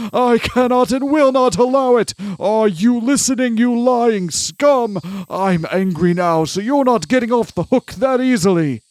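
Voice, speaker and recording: A man's voice: high voice, a little mellow, no room sound, pitched above the performer's own voice. A man voicing an intense, furious elderly male congressman who rants pompously and threatens. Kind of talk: reading a game aloud with voices.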